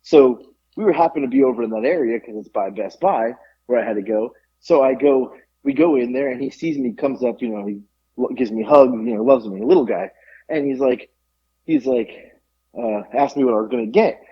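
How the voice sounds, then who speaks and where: Husky-voiced man telling a story. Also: mid-range voice, brisk, dull audio. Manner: animated storyteller, laughs often. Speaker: podcast co-host. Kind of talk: casual chat.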